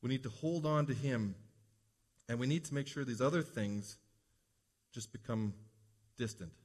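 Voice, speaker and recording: A man's voice: mid-range voice, normal speed, darkish tone. A man preaching a sermon as pastor, earnest and rising to emphatic peaks.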